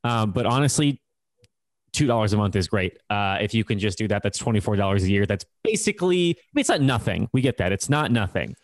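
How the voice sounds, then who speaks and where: A man's voice: lowish voice, animated, brisk, no echo. A man co-hosting a podcast in casual chat, with a playful, joking way of talking. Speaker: podcast co-host.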